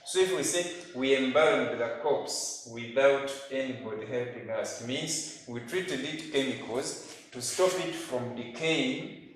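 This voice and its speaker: A Ugandan man teaching an English grammar lesson, speaking slowly and emphatically and repeating each example sentence. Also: medium pitch. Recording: very echoey room, faint noise.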